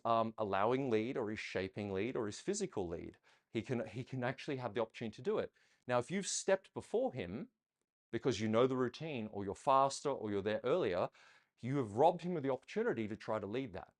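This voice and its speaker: Man coaching ballroom dance, counting steps. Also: medium pitch. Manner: explains patiently, counts steps aloud, checks in with listeners.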